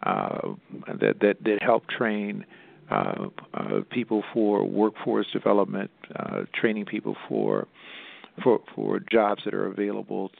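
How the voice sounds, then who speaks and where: A man from a nonprofit answering interview questions, speaking haltingly with many restarts and fillers. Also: lowish voice, expressive, creaky. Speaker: nonprofit representative. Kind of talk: interview over the phone. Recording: tinny phone line.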